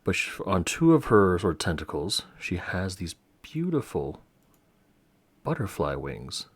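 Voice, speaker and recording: Low husky game master narrating. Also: male voice, sing-song, measured pace. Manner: rambling, many fillers and restarts.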